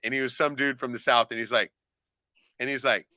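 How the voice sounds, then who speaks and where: A man's voice: medium pitch, brisk, no echo. A man chatting casually as a podcast host, swearing freely and breaking into laughter as he tells stories. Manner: animated, profane, laughs often. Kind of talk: casual chat.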